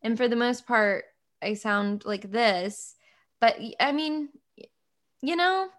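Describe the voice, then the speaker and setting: A woman from the American South hosting a podcast, chatty and animated as she tells stories in casual conversation. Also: on the high side, slow, a crowd in the background. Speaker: podcast host.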